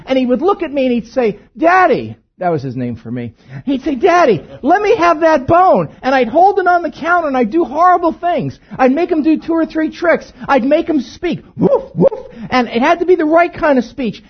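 Husky guy preaching, funny story, voice going way up and down, kinda lo-fi. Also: very high-pitched. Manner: storytelling with humor, swinging between hushed and loud. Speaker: pastor. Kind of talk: sermon.

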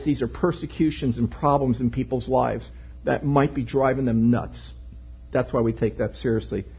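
A male pastor preaching a sermon to his congregation, animated and joking in asides. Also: medium pitch, husky. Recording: dull lo-fi recording.

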